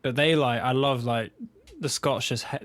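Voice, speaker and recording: A man's voice: medium pitch, fairly even intonation, moderate pace, fairly bright tone, no room sound. A young man with a southern English accent, chatting casually on a podcast, rambling and swearing with self-mocking humor. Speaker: podcast co-host. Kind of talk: relaxed casual chat.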